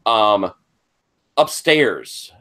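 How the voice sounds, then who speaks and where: A man's voice: lowish voice, animated, drawn-out words, pushed and bright. A man narrating a tabletop horror game as game master, describing the scene and improvising as he goes, with plenty of fillers.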